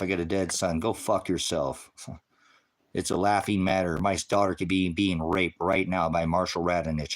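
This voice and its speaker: The livestream host, a middle-aged man, speaks at normal speed in a low voice with little pitch movement. He directly lectures his viewers and the chat in a heated, profane, confrontational rant.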